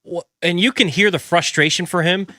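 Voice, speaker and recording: A man co-hosting a sports talk radio show, speaking in a conversational, measured way. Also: sits high, pushed and bright, no room sound, studio quality. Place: radio studio.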